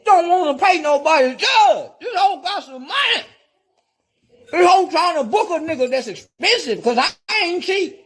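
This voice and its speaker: A man delivering a loud, profane rant in a video clip, repeating his insults over and over. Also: very high-pitched, expressive, normal speed. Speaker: guest commentator in a played clip.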